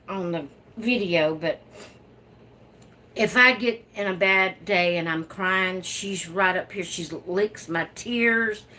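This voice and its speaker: Slow-talking woman chatting on her livestream. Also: mid-range voice, bright, forceful tone, a little hiss or hum. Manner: chatty, unhurried, laughs often. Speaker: livestream host. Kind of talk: casual live chat reading viewer comments.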